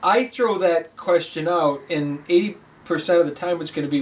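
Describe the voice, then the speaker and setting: A man co-hosting a casual business chat, talking in an earnest, halting way with many restarts. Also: on the high side, far from the mic. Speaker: pool business co-host.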